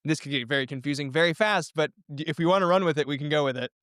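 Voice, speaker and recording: A man's voice: fairly high pitch, rapid-fire, a bit bright, clear, resonant tone, no room sound, clean studio sound. A man co-hosting a casual podcast, eagerly thinking aloud while planning a story with friends. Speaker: podcast co-host.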